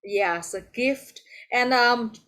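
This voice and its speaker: A woman's voice: a little high, slow pace, fairly bright tone. A woman with a Vietnamese accent teaching an English class over a video call, patient and encouraging, calling on students by name.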